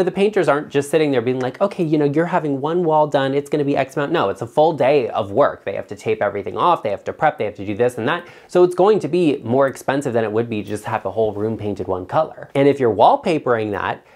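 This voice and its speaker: A man hosting an interior design vlog, talking straight to viewers in a chatty, emphatic way, with big jumps up in pitch on his asides. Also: a little mellow.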